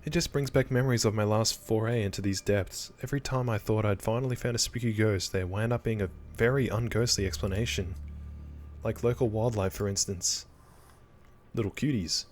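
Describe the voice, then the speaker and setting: A man's voice: on the low side, brisk, a little mellow, a little hiss or hum, lightly acted. A man voicing a wry, laid-back young woman who hunts ghosts and jokes about the dead. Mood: teasing. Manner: teasing, joking.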